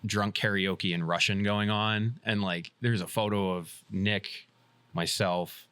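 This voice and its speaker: A low-pitched man with a bright, forward tone tells a rambling story on a casual podcast. He swears freely, laughs between lines, and acts out the quotes. The sound is dry and close. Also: fairly even intonation, slow, clean tone, dry recording. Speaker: podcast co-host.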